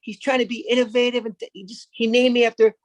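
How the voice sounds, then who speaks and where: A man voicing a billionaire's young son in a higher, mocking kid voice as part of a stand-up bit. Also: flat delivery, fast, no room sound. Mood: resigned.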